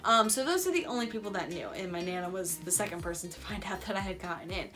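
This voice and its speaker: A young woman telling a story in a casual vlog, chatty and excitable, saying "like" often. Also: fairly low pitch, fast, soft background music. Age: young adult. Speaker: vlogger.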